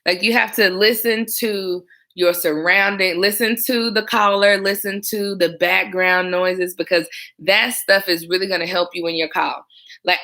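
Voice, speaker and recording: Telling stories to the camera about her time as a 911 dispatcher, this young woman keeps the chat casual. She speaks at a medium pitch in a smooth, calm tone that livens up when she imitates the people who phoned in.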